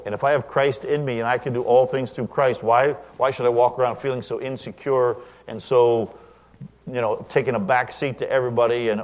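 A middle-aged man, the pastor, giving a sermon in a church, talking conversationally and telling stories with asides to the congregation. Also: medium pitch. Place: church sanctuary.

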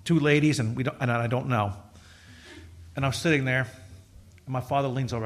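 A man's voice: mid-range voice, fairly even intonation, brisk, pauses often. A middle-aged male pastor preaching a sermon in a conversational, joking storytelling way, acting out quoted voices.

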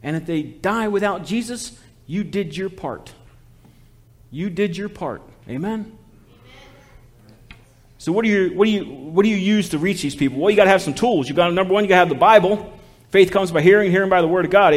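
A man's voice: high-pitched, expressive, normal speed, long pauses. A man preaching a sermon as a missionary, folksy and exhortative, calling out to the congregation for responses.

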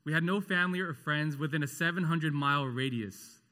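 A man preaching a sermon with impassioned delivery, rising to loud rhetorical questions and dropping to a hushed, tender tone. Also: on the high side, a little fast, big-room sound. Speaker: pastor.

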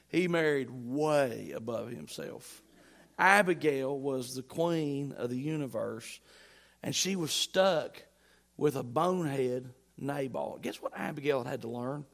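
A middle-aged man preaching a sermon, emphatic and rising to loud peaks, mixing humorous stories into his teaching. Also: on the high side. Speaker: pastor.

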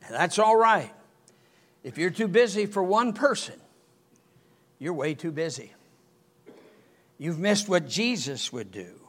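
Animated older preacher, high bright voice. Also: male voice. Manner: animated, rises to near-shouting when excited. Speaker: pastor. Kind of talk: sermon with storytelling.

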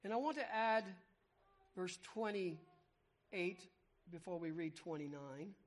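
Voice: mid-range voice, slow. A preacher giving an expository sermon, explaining word meanings with emphasis, repeating key words and asking rhetorical questions.

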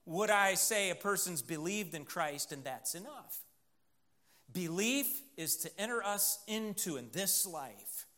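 Male pastor, sermon delivery, high pitch, call-and-response pauses. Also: bright, forceful tone.

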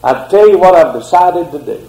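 A troubled husband and father coaxing his wife to leave with him, earnest and repetitive, as a preacher acts him out. His man's voice sits on the higher side. The sound rings around an echoey room. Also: expressive, fairly quick, mellow. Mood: pleading. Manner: pleading, earnest, repeated coaxing. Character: worried husband and father pleading to move.

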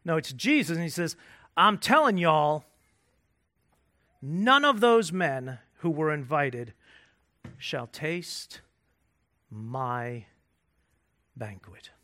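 A male pastor preaching in a slow, deliberate way, his voice bright and forceful and a little higher than most men's. He restarts and repeats words as he reaches for phrasing. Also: lively intonation. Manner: builds from quiet, slow emphasis to rising intensity. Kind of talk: sermon.

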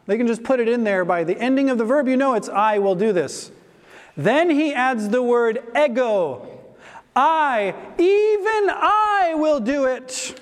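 Male preacher, very high voice, unhurried emphatic delivery, long hall echo. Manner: emphatic, slow and deliberate preaching with stressed repetitions. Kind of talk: sermon.

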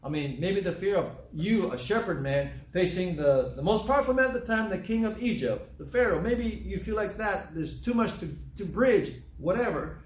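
A man's voice: high voice, animated, moderate pace, hardly any pauses. An older man preaching a sermon emphatically, quoting scripture in old-fashioned English. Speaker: pastor. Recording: echoey room from a distance, faint ambience.

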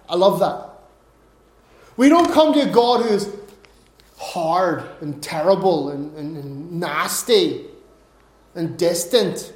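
A man's voice: high-pitched, darkish tone, echoey room. A man preaching a sermon in an earnest way, often repeating and restarting his words.

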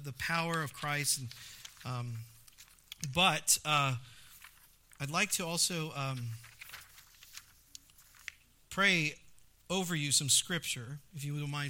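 A man's voice: on the high side, slight background noise. A man in his thirties, a pastor preaching a sermon, telling stories with acted-out exclamations and stressing points by repeating phrases. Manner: animated storytelling with acted-out exclamations.

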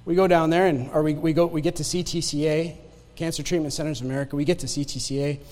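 A man with a high-pitched voice tells his own story from the pulpit in a church with a long reverb trail. He moves from hushed, quick asides to loud, exclaimed lines. He laughs along with the congregation as he goes. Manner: animated storyteller, swings between loud exclamation and quiet asides, laughs often. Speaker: guest preacher giving testimony. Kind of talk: sermon testimony. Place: church sanctuary.

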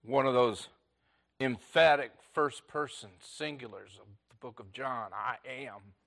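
A man preaching a sermon in short, repeated phrases, rising to loud emphasis and dropping to a hush. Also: medium pitch, unhurried, creaky. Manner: swings between loud emphatic lines and hushed near-whispers. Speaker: pastor.

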